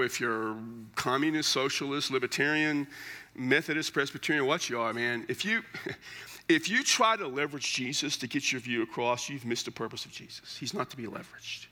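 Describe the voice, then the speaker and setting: A man's voice: mid-range voice, sharp tone. A middle-aged male pastor preaching a sermon in a conversational, joking way with emphatic asides.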